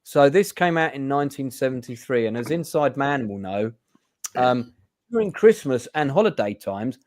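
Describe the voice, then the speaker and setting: A man's voice: medium pitch, expressive, normal speed, darkish tone, no room sound, clean studio sound. A man hosting a casual film review chat, hesitant with many fillers. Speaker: host.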